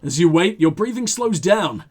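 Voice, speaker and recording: A man hosting a video game playthrough reads the narration aloud in a high, lively voice that swings a lot in pitch. He trips over words and backs up to fix them, adding quick remarks of his own. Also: faint music behind. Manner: animated, stumbles and corrects himself while reading. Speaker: let's play host. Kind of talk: reading game text aloud with commentary.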